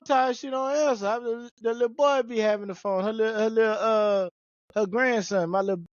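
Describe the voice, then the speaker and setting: A man hosting a podcast in casual chat, an animated storyteller who jumps into high-pitched voices when he quotes people. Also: brisk, dry recording, lo-fi sound. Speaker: podcast host.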